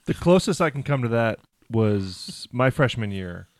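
A man's voice: medium pitch, very animated, a little slow, darkish tone, no room sound. A man co-hosts a podcast in easy, joking conversation. His voice sits in an ordinary middle range. The recording is close and dry. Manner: chatty, joking, laughs along. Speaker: podcast co-host. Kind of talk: casual chat.

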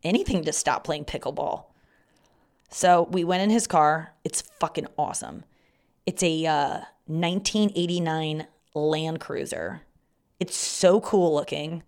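A young woman hosts her own podcast and talks through stories from her week in a loose, casual way. She swears often and breaks into loud quoted outbursts now and then. Her voice sits a little lower than most women's. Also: a little slow, clean tone. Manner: swears freely, acts out loud quoted shouts. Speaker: podcast host. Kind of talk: casual storytelling monologue.

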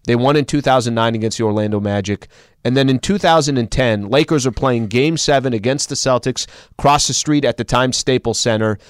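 A man's voice: medium pitch, brisk, smooth, no echo, clean studio sound. A man hosting casual sports talk, recounting games in a conversational way with fillers.

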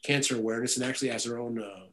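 A man's voice: medium pitch, racing, rough recording. A man, a guitarist and music director, telling stories in a casual interview with many restarts. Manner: rambling, animated storytelling with many restarts.

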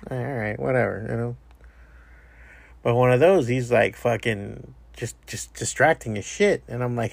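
A man's voice: mid-range voice, measured pace, gravelly, dry recording. A man hosting a podcast, telling a rambling, profane story in a casual monologue. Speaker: podcast host.

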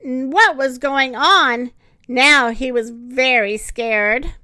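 A woman reading a picture book aloud in an expressive, sing-song way, close to the mic. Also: high-pitched, extremely slow, no room sound. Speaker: storyteller.

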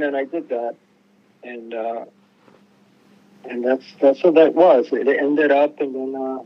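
A man's voice: mid-range voice, lo-fi sound. Rambling man telling road stories. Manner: rambling, restarts a lot, acts out quoted voices. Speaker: musician guest. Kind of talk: casual storytelling interview.

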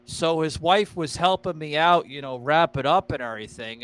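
A man's voice: on the high side, expressive, moderate pace, fairly bright tone, smooth. A man hosting a podcast, telling stories in a rambling, profane way with lots of fillers. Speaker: podcast host. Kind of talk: casual podcast chat.

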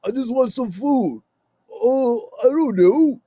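A man's voice: very high voice, expressive, slow pace, warm tone, dry recording, voice pushed up, heavily acted. A man putting on the voice of a whiny, needy young boyfriend who pleads and stammers. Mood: whiny, pleading.

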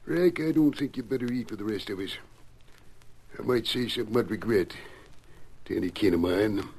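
A stern rancher father in an old radio drama. His voice is husky and his words come out blunt and hard. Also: fairly low pitch, moderate pace, a little mellow. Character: stern rancher father, middle-aged man.

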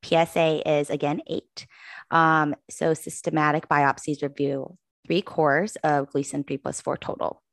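A woman with a very low voice co-hosts a podcast on a close, dry mic. She presents exam cases in a clear, measured way. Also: flat delivery, no room sound. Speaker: podcast co-host.

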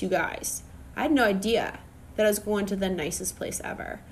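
A young woman from Minnesota chatting casually to her viewers, telling a lively story full of fillers and asides. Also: mid-range voice, normal speed, gravelly, slight background noise. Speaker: vlogger. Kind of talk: casual chat to camera.

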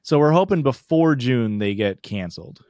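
A man's voice: medium pitch, animated, normal speed, a little mellow, no echo, clean studio sound. A young man co-hosting a casual podcast, teasing and playful in banter. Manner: playful, teasing, goofy bits. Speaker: podcast co-host. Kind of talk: casual chat.

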